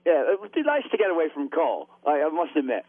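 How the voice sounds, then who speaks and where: A man's voice: on the high side, huge pitch swings, quick pace, dry recording. A man born in Britain, calling in to a radio show and chatting in a rambling way. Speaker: caller. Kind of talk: phone-in chat. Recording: tinny phone line.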